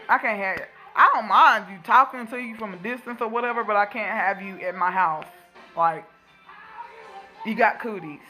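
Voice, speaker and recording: A woman's voice: medium pitch, sharp tone. A woman from Texas in her thirties, venting in a blunt, profane, emphatic unscripted rant. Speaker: vlogger venting on camera.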